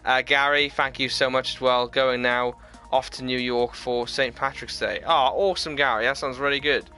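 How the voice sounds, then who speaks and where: A man talks casually through a live gaming stream. His voice is bright and forward, and he reads viewers' comments aloud and chats back to them in an easy way. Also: mid-range voice, steady tone, normal speed, faint music behind.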